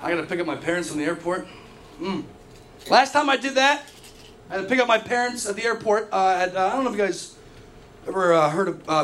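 A man in his thirties performing a stand-up comedy set, telling profane stories that break into shouted rants. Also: high-pitched. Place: comedy club stage. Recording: live club recording with crowd noise. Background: audience laughter.

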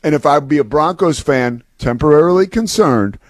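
A man's voice: on the high side, lively intonation, moderate pace, no echo. A man co-hosting a sports talk show, breaking down football in a casual, conversational way with lots of fillers and restarts. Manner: conversational, filler-heavy, repeats words when starting.

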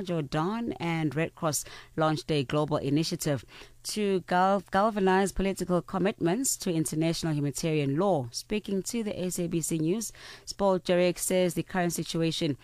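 A man reading the news on the radio in a measured, formal way. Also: a little high, smooth, no echo. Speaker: news anchor.

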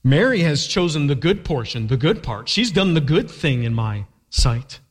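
A preacher voicing a gentle, tender male teacher. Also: fairly high pitch, big pitch swings, normal speed. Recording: long reverb of a large hall.

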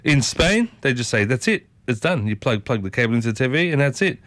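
An Australian man hosting a morning radio show, chatting casually and rambling, with big upward swings in pitch, on a studio microphone. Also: sing-song, brisk, a bit bright. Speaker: radio host.

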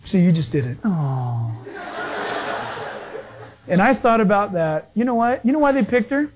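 A man preaching a sermon as a pastor, telling stories in an animated way and acting out the people in them. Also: high voice, quick pace, noisy background. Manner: animated storytelling with acted-out quotes.

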